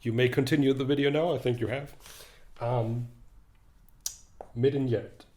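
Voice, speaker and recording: Slow-talking young man lecturing in an echoey room. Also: medium pitch, fairly even intonation, warm tone. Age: young adult. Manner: thinking aloud, hesitant, with fillers and restarts; reads verse lines slowly and deliberately. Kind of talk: online literature lecture.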